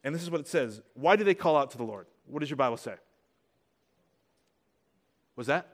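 A male pastor preaching a casual, conversational sermon, asking rhetorical questions and getting louder to stress his points. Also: mid-range voice, expressive, brisk. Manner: rises in volume when stressing points.

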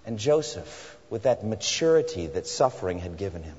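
A man with a middle-pitched, slightly husky voice preaches earnestly, slowing down to dwell on each phrase. The sound is a little dull, and a long reverb hangs in the large hall around him. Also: big pitch swings, darkish tone. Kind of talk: sermon.

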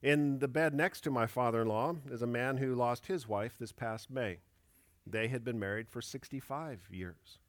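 A pastor in his fifties delivers a sermon, earnest and measured, pushing up on key words and dropping to a hush. His voice sits at an ordinary middle pitch. The sound is dry and close, with little room echo. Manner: earnest, measured preaching with emphatic rises and soft drops.

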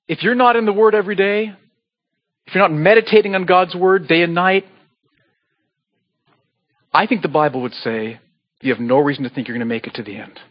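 A man preaching a sermon as pastor, earnest and pleading, with sudden animated bursts. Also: sits high, fairly quick, long pauses, lo-fi sound. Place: church sanctuary.

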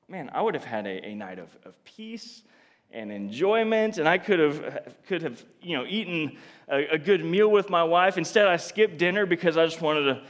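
A man preaching a sermon in an earnest, confessional way, often restarting his sentences and moving between soft and emphatic delivery. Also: fairly high pitch, in a large hall.

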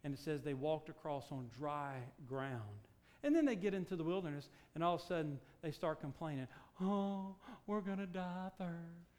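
A male preacher with a high voice delivers a sermon, firing rhetorical questions at his listeners. He punches key words loudly, then drops low and quiet to press a point home. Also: fairly even intonation, fairly quick. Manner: emphatic, rhetorical questions, big swings in loudness.

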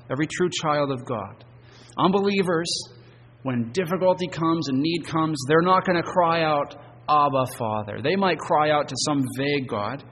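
A man's voice: medium pitch, slight background noise. Earnest male preacher in a reverberant hall. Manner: earnest preaching, rising to emphatic stresses and dropping soft at phrase ends. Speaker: pastor. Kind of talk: sermon. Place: church sanctuary.

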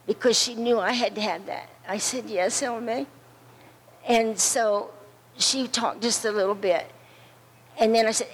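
A woman telling an earnest story as a friend at a memorial service, repeating words slowly for weight. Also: a little high, fairly even intonation, a little hiss or hum, rough recording. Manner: earnest, slow and repetitive storytelling. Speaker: friend giving a tribute.

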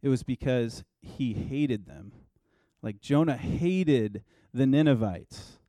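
A pastor in his thirties delivers a relaxed, conversational sermon filled with personal stories. He speaks slowly in a mid-range voice, and the recording is dry.

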